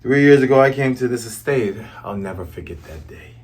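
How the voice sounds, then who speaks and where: A man voicing a cold, scheming male butler who talks low, hushed and slow. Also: animated, close to an everyday voice. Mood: calm.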